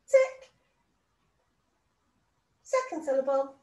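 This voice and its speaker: A woman teaching a phonics lesson to young children, speaking slowly and clearly in a sing-song teacher voice. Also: sits high, sing-song, reverberant, very noisy. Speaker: reception class teacher.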